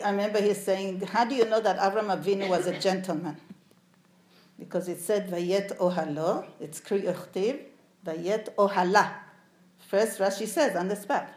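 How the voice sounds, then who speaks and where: A woman's voice: mid-range voice, a little mellow, slight background noise. A woman speaking to a live audience, sharing stories about her father and putting questions to the listeners. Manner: storytelling, puts questions to the audience. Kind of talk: anecdotal talk to a live audience. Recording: echoey room.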